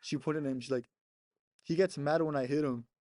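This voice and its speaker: A man's voice: fairly high pitch, fairly even intonation, fairly quick, a little mellow, no echo. A young man casually telling a rambling story on a podcast, laughing often and swearing between many "like" fillers. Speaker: podcast co-host.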